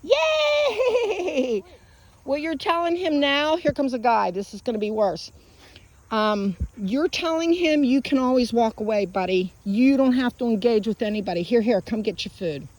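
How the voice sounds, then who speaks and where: A woman's voice: lively intonation, normal speed, a little mellow, rough recording. Upbeat woman dog trainer coaching outdoors. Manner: direct, encouraging instructions, bursting into high sing-song calls to the dog. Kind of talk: coaching a client on a dog walk. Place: outdoors in a park.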